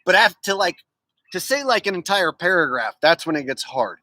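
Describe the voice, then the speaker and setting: A man's voice: sits high, very animated, brisk, bright, forceful tone, dry recording, rough recording. A man streaming live, chatting in a rambling, jokey way and reading out viewer comments. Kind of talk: casual livestream chat.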